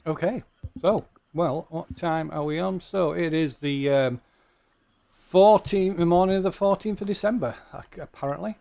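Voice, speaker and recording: A man running a tabletop game as game master, narrating with many pauses, ums and restarts. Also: on the high side, creaky, mellow.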